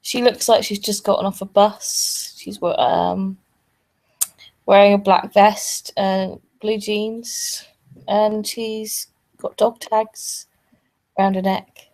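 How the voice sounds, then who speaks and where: A woman playing in a tabletop role-play session, describing her character in an unhurried way and searching for words. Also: mid-range voice, darkish tone, poor audio. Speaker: player.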